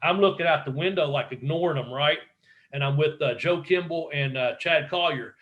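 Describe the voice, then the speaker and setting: Animated, profane storytelling man. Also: fairly high pitch, moderate pace, dull audio. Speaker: guest, former pro wrestler. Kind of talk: casual storytelling interview.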